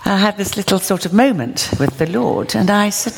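Lively, laughing woman preacher. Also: mid-range voice, quick pace, vocal fry, hardly any pauses, a little hiss or hum. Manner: lively, self-mocking, laughs through her stories. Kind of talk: humorous storytelling sermon.

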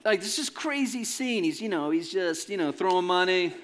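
A man's voice: sits high, moderate pace, slight background noise. A man preaching a sermon to a congregation in a conversational, joking way. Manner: animated, conversational, jokes with the congregation. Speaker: pastor. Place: church in front of a congregation.

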